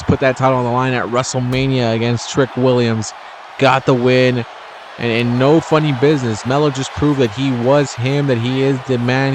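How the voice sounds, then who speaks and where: A man in a middle register calls a video game wrestling match in a loose, chatty play-by-play style. He gets excited and his voice leaps up when a big move lands. Steady street and traffic noise hums clearly behind him. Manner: chatty, excitable, jumps in pitch at big moves. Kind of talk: casual play-by-play commentary.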